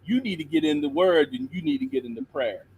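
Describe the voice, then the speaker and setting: A middle-aged man calling in to a talk show over a video call, a little hoarse, talking earnestly and preaching from scripture. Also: a little high, fast talker, a little mellow, rough recording. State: slightly hoarse throat. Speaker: caller. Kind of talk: call-in chat and Bible encouragement.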